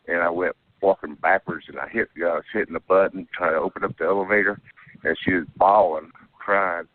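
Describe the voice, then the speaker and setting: A man's voice: deep voice, steady tone, a little fast. A man calling in to tell a rambling personal story, checking in with "okay?" again and again. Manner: rambling, keeps adding "okay?". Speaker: caller telling an alien abduction story. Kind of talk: casual phone-in storytelling. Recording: tinny dry phone line.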